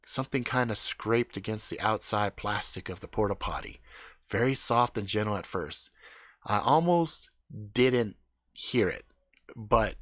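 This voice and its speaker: A man improvising a profane comic horror story, swinging between loud outbursts and hushed suspense. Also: lowish voice, no echo, clean studio sound. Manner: profane, animated, drops to hushed tones for suspense.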